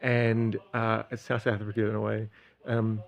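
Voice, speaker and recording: A man's voice: on the low side, level tone, unhurried, vocal fry. An Australian man from Sydney explaining a study method in a casual, rambling monologue with many ums and restarts. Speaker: streamer.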